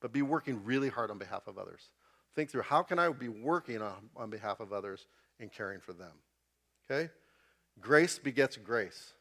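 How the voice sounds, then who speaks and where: A man's voice: on the low side, animated, moderate pace, a bit bright. A man teaching an informal Bible class in a church. He is chatty and keeps checking in with the class as he goes.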